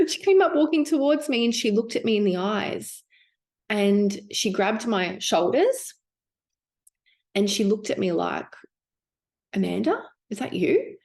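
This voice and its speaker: A woman's voice: medium pitch, takes it slowly, pauses often, darkish tone. A woman giving a casual spiritual teaching, musing aloud with fillers and restarts.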